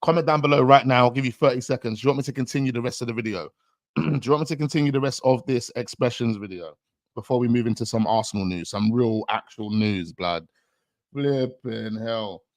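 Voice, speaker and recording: A man hosting a casual reaction show, excitable and full of street slang. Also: mid-range voice, a little fast, dry recording, studio quality. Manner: excitable, heavy street slang, breaks into laughter. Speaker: host reacting to a rap video.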